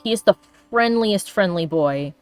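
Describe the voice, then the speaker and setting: A woman's voice: medium pitch, expressive, a little slow, darkish tone, soft background music. A woman chatting casually and affectionately on her live stream while she draws, laughing often. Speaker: streamer and artist. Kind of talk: casual chat while drawing.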